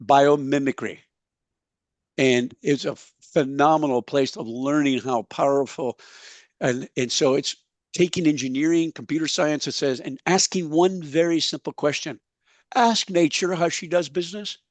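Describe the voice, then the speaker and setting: A middle-aged man giving an animated conference presentation, emphatic and folksy, slowing down to stress his key points. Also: on the high side, no room sound. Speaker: soil health speaker. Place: conference session.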